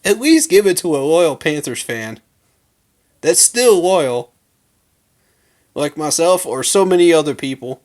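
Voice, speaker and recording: A man's voice: fairly high pitch, lively intonation, unhurried, pauses often, a little mellow. A man hosting a fan channel, giving a heated, emphatic rant full of slang to his viewers. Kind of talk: casual fan rant to camera.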